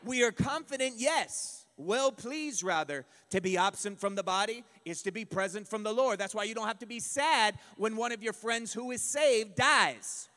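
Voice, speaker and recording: A male pastor preaching a sermon, emphatic and building to shouts. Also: high-pitched, normal speed, hardly any pauses. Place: church sanctuary. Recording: long reverb of a church hall.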